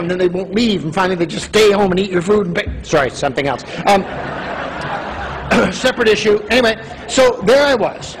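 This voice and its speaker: A man's voice: high-pitched, moderate pace, slight background noise. A middle-aged man from Canada giving a humorous keynote talk, telling stories and acting out the voices of other people. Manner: animated storytelling, acts out voices. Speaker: motivational speaker.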